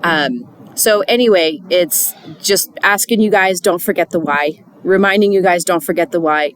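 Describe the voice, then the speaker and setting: A woman's voice: lowish voice, moderate pace, hardly any pauses, no echo. Earnest chatty woman giving a devotional. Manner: earnest, chatty, many fillers and restarts. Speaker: church volunteer leader. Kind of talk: casual devotional talk.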